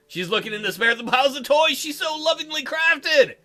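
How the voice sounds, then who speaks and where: A man's voice: extremely high pitch, quick pace, few pauses, bright, forceful tone, soft background music. A man hosting a visual novel playthrough, narrating the text with crude, joking asides. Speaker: let's play host.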